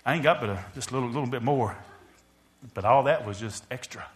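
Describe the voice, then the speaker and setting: A preacher delivering a sermon, swelling loud and dropping quiet, calling out to the congregation. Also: male voice, medium pitch, fairly quick.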